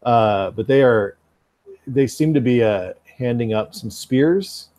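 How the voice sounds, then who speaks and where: A man narrating a tabletop game as game master, describing scenes in a halting way with fillers. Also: mid-range voice, a little mellow, no echo.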